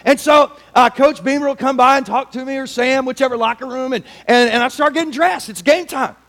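A man in his forties delivers a sermon in a strikingly high voice. He talks animatedly, and his voice rises to a shout at the peaks of his personal stories. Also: a little fast. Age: 40s. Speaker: pastor.

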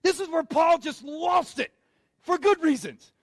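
A male pastor preaching a sermon in an energetic, excitable style that swells into shouting. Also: very high-pitched, measured pace, dry recording.

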